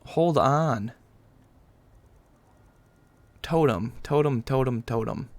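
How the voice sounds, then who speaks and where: A man narrates his own gameplay in loose, running commentary. He is chatty and sarcastic, drifting between asides and jokes as he goes. His voice sits in an ordinary middle pitch. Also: unhurried, dry recording. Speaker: gaming channel host. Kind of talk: casual let's-play commentary.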